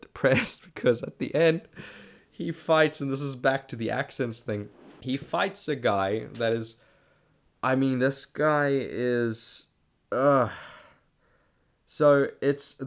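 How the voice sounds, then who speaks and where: A South African man hosting his own podcast, giving a rambling, chatty solo movie review and often restarting his sentences. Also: lowish voice. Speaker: podcast host.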